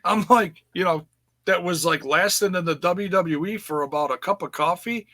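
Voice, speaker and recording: A man's voice: sits high, normal speed, sharp tone. A man co-hosting a casual wrestling review podcast, chatty and amused, with lots of "you know" and "like". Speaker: podcast co-host.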